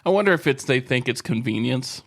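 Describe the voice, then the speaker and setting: A man's voice: medium pitch, expressive, brisk, a bit bright. A middle-aged man co-hosting a podcast, bantering easily and laughing often in casual chat. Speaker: podcast co-host.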